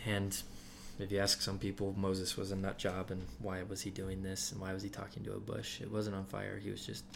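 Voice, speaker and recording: Low-voiced man teaching casually. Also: completely flat delivery, fairly quick, vocal fry, background noise. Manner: conversational, loose, many fillers and restarts. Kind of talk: casual Bible teaching to a group.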